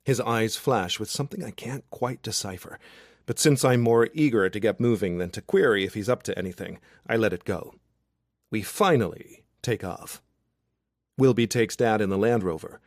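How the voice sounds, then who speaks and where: A man narrating a romance audiobook in the first person, wry and expressive. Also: fairly low pitch, moderate pace, no echo, studio quality. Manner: wry, expressive, self-deprecating.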